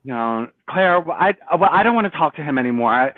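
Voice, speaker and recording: A man arguing in a heated online debate, confrontational and repeating himself in rapid bursts. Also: a little high, animated, dry recording. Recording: tinny phone-like line.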